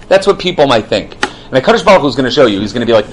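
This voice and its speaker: A man teaching a live Torah class to a room of listeners, animated, with jokes and sarcastic asides. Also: medium pitch, rapid-fire, slight background noise, rough recording.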